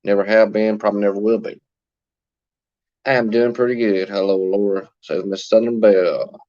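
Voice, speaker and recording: A man's voice: fairly low pitch, fairly even intonation, moderate pace, mellow, muffled recording. A man hosting a casual livestream from his phone, chatting and greeting viewers by name as he answers their comments. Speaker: livestream host.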